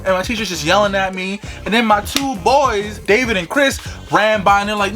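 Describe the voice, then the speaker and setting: A man telling a funny childhood story in a casual, animated vlog style, swearing freely. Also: high-pitched, fairly quick, hardly any pauses, soft background music. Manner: animated, swearing, lots of fillers. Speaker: vlogger.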